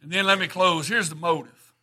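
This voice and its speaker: A man's voice: high-pitched, steady tone, brisk, pushed and bright. A middle-aged man preaching a sermon, folksy and plainspoken, rising to emphatic bursts.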